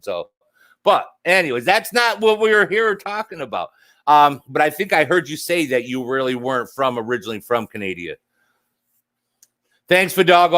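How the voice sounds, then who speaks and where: A man with a slightly raised pitch hosts a relaxed livestream. He rambles from one thought to the next, cracking jokes and answering viewer comments in a loose, casual chat. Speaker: livestream host.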